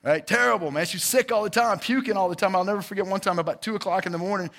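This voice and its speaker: A man, giving a casual, lively testimony to a church congregation and calling out to the crowd. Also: high-pitched, fast talker. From Georgia, US. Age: 40s.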